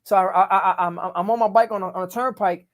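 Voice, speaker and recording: A middle-aged man tells his story in a rapid, unfiltered stream. His talk is emphatic and full of street profanity, casual and direct. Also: sits high, fairly even intonation, fairly bright tone. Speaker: podcast guest.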